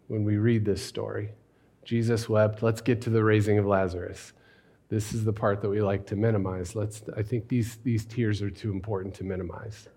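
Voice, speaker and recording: A man preaching a sermon in a conversational, questioning way, dropping to a hush on key words. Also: lowish voice. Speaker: pastor.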